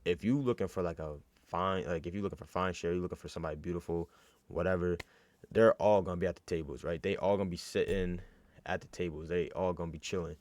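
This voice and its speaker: A man's voice: sits low, fast, darkish tone, no echo. A young man from New York telling a casual, slangy story with lots of fillers and restarts.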